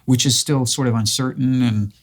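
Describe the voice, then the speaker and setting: A man's voice: medium pitch, steady tone, normal speed. Male podcast host interjecting. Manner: brief interjections and follow-up questions. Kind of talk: casual interview.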